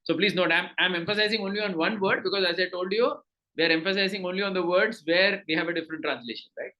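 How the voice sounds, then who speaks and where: A man's voice: high voice, fast talker, sharp tone, poor audio. A man with an Indian accent teaching a scripture class, explaining patiently with many fillers and repeated words.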